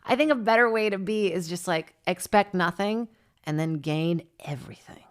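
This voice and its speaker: A woman's voice: lowish voice, normal speed. A woman comedian from Brazil, podcast host, chatting in a rambling comedic monologue into a studio mic, swearing and jumping between topics. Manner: chatty, swearing, jumps between topics with sudden loud squawks. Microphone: studio mic on a stand.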